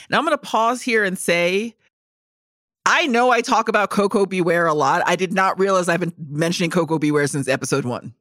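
A woman's voice: on the low side, a little fast, dry recording, studio quality. Blunt, enthusiastic podcast co-host woman. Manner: blunt, enthusiastic, swears, deadpan asides. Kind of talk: casual chat, reading listener emails.

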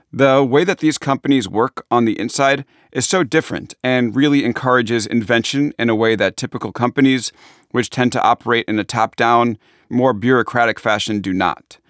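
A man's voice: medium pitch, no room sound, studio quality. A man with a Long Island accent, an author chatting casually and self-deprecatingly about his book in interview answers.

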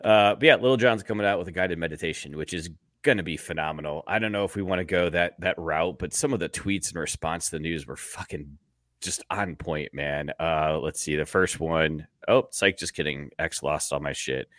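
A man co-hosting a sports podcast, rambling in casual chat and laughing loudly at his own jokes. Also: deep voice, normal speed, dry recording, studio quality. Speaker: podcast co-host.

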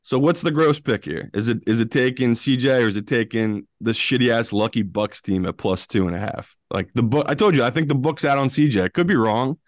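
A man's voice: medium pitch, a little fast, few pauses, no room sound, studio quality. A man co-hosting a sports betting podcast, talking in a loose, teasing way and swearing casually.

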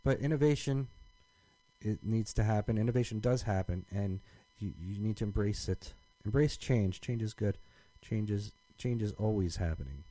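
Low, mellow-voiced man rambling on a podcast. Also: normal speed, no echo, poor audio. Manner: rambling, many restarts and fillers. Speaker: podcast co-host. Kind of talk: casual chat.

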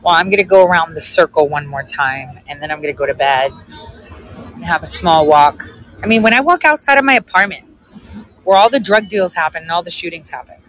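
Chatty sarcastic woman with a bright voice. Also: on the low side, lively intonation, brisk, faint music behind, poor audio. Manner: chatty, sarcastic, laughs often. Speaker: vlogger. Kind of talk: casual storytelling vlog.

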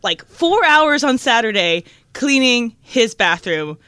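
A woman's voice: a little high, very animated, slow pace, pushed and bright, clean tone, no echo. A woman in her twenties co-hosting a radio talk show, chatting and telling stories with a giggle. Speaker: show co-host. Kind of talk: casual chat.

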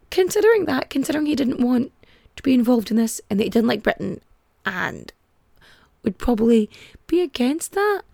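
A woman's voice: very high voice, gravelly, mellow, no echo, studio quality. A woman hosting a casual comic history podcast, chatty and irreverent, with frequent swearing and filler words. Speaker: podcast host.

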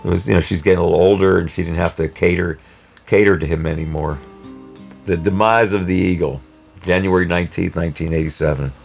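A man telling a personal story in a rambling, halting way with many restarts. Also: low-pitched, fairly even intonation, gravelly, soft background music. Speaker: storyteller guest. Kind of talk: casual spoken storytelling.

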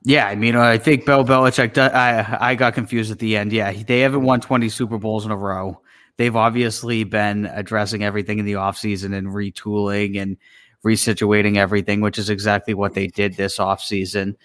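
A man's voice: lowish voice, little pitch movement, fairly quick, fairly bright tone, no echo. A man co-hosting a sports podcast, laid-back, mostly giving short agreeable replies. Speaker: podcast co-host. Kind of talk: casual sports podcast chat.

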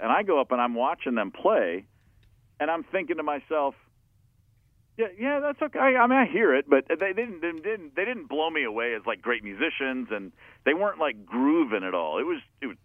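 A man, a musician guest, telling an anecdote in a loose, animated way, swearing often and laughing at himself. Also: medium pitch, normal speed, no room sound. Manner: animated, profane storyteller who laughs at himself. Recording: tinny phone-like dry sound.

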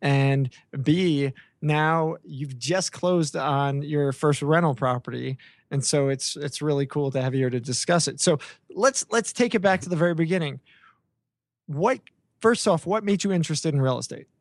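A man's voice: a little high, normal speed, no echo. A man hosting a podcast interview in casual chat, teasing his guest and often restarting his sentences. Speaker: podcast host.

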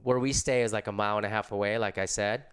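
Middle-aged man, easygoing surfer storyteller, smooth resonant voice. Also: on the low side, fairly even intonation, quick pace, a bit bright. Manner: laid-back, slangy surfer talk. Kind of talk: casual storytelling.

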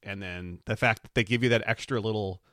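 Low-voiced enthusiastic male podcast co-host. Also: steady tone, brisk, bright, forceful tone, dry recording, studio quality. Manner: enthusiastic, analytical. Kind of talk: casual chat.

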